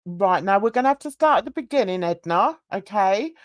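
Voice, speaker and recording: A woman's voice: mid-range voice, lively intonation, fairly quick, no room sound, clean studio sound. A woman hosting a casual livestream chat, rambling and gossipy as she greets viewers in the chat by name. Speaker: livestream host.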